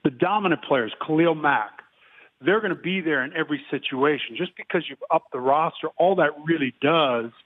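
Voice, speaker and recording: A man in his fifties, a guest giving measured football analysis and clearing his throat often. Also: fairly high pitch. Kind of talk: casual phone interview. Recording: tinny phone line.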